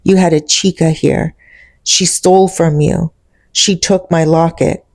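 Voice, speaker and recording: A woman's voice: lowish voice, steady tone, unhurried, a little mellow, no echo. A woman playing a hurt young woman laying out accusations. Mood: accusing. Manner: firm, clipped accusations. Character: hurt, sharp young woman confronting her boyfriend.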